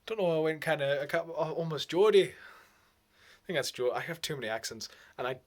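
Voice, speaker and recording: A man's voice: a little high, a little fast. A man talking in a rambling, casual vlog, laughing often and swearing freely. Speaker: vlogger.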